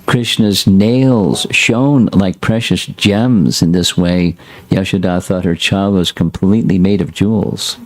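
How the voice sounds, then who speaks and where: A man's voice: deep voice, takes it slowly. A man teaching a scripture class, reading a passage aloud and breaking in with short plain asides. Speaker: spiritual teacher.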